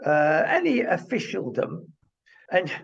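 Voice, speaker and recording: A high, gravelly man with a husky edge speaks indignantly to the viewer on a talk show. The sound is dull and lo-fi. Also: huge pitch swings, slow. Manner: indignant, addresses the viewer directly. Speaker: co-host.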